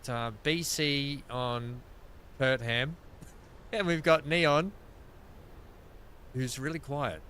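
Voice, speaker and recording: Bright-voiced Australian man telling stories. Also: medium pitch, drawn-out words, pauses often, a little hiss or hum. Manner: rambling anecdotes, laughing often. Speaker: streamer. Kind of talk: casual chat while gaming.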